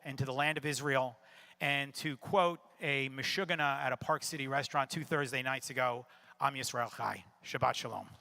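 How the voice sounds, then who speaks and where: A man's voice: fairly high pitch, sharp tone. A middle-aged man giving announcements and telling a personal story with wry humor to a congregation.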